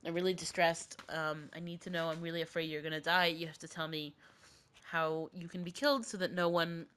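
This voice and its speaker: A woman's voice: low voice, fairly even intonation, fairly quick, a bit bright, smooth. A woman voicing a scheming young wife who pleads with her husband in a falsely anxious way. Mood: pleading.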